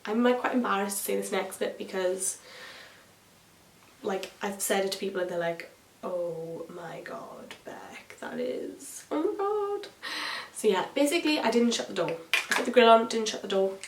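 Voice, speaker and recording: A woman's voice: mid-range voice, a little fast, recorded from a distance. A young woman, a beauty vlogger telling a story while doing her makeup, chatty and swearing freely. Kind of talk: chatty get-ready-with-me vlog. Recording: echoey room, voice a bit off-mic.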